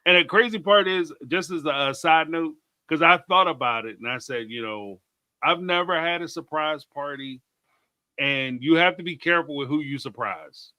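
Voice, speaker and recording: Guy hosting a chat show, bright voice, dry close sound, laughs a lot. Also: a little high, normal speed, no echo. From Atlanta. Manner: chatty, laughs often, reads viewer comments aloud. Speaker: host. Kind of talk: casual chat.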